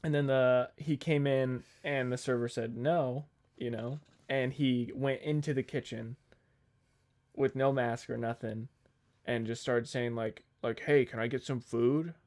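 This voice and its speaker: A man's voice: mid-range voice, fairly even intonation, unhurried, darkish tone. A young man on a podcast telling a long, rambling work story in casual chat, swearing freely and quoting the people in it. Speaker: podcast co-host.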